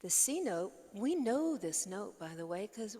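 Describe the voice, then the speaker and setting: A woman's voice: medium pitch, sing-song, measured pace, warm tone, in a large hall. A woman teaching ukulele over a video call, patiently explaining step by step and humming and counting along. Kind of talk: online music lesson.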